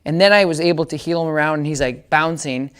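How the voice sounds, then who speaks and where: A man's voice: on the high side, quick pace, fairly bright tone, clear, resonant tone. A man giving a casual dog training demonstration, explaining each step and often checking that listeners follow.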